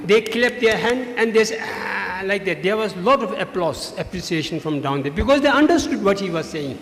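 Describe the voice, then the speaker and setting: A man's voice: high voice, expressive, brisk, fairly bright tone, a little hiss or hum. A man giving emphatic feedback to students as a debate judge, repeating his key points. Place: large school hall. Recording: echoey hall, faint ambience.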